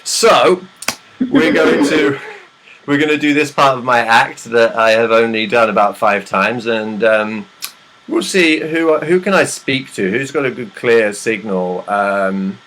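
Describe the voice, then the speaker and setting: A man's voice: mid-range voice, a little slow, a bit bright. A young man doing stand-up comedy at an online open mic, rambling and self-deprecating, with chatty asides, over a hissy video call. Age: young adult.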